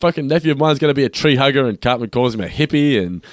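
A man co-hosting a podcast, recapping scenes in steady, low-key casual chat. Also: fast, dry recording, studio quality. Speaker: podcast co-host.

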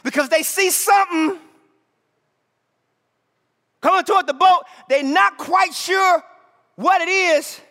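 A man preaching a sermon in a church hall, peppering it with "right?" and swinging between shouted lines and hushed asides. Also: very high voice, takes it slowly, pauses often. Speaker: pastor.

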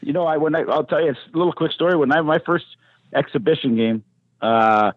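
A man's voice: a little high, brisk, slightly rough, dry recording. Man telling stories over a tinny line. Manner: rambling, with many restarts. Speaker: podcast guest, former hockey enforcer. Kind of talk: casual storytelling. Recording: tinny phone-like line, dry.

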